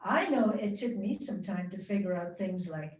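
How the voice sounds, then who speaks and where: A woman giving a spiritual talk to a congregation, guiding them gently and chatting with the audience. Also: medium pitch, expressive, moderate pace, far from the mic, a little hiss or hum. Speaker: guest speaker. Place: church hall. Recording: roomy hall sound from off-mic.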